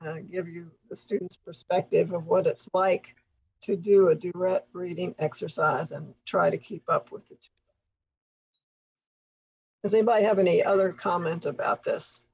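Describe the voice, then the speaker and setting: Woman running a tutor training session, kinda gravelly and husky, explains stuff patiently. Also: fairly low pitch, fairly even intonation, normal speed, highs cut off. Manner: explanatory, gentle laughs. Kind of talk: workshop instruction.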